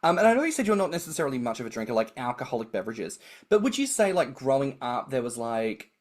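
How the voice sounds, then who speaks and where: A man's voice: medium pitch, quick pace. An Australian man co-hosting a chatty podcast. He tells stories with lots of energy and acts out the people he quotes. His talk is loose and full of swearing. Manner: animated storyteller, acts out quoted voices, swears freely. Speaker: podcast co-host. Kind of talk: casual chat.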